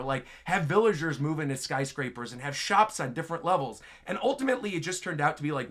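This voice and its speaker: A man's voice: mid-range voice, a bit bright. A man hosting a casual gaming show, answering viewer questions in a chatty, enthusiastic way, often filling with "like" and "right?".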